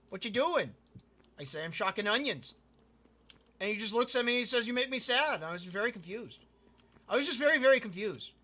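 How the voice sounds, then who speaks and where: In a high, sharp-toned voice, a man tells a rambling story as he streams a building game. Casual and gaming as he talks, he keeps repeating himself and tripping over his words.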